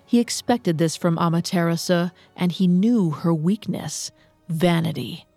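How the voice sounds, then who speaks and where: A woman narrating a myth in a measured, even storytelling manner. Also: lowish voice, no echo, soft background music.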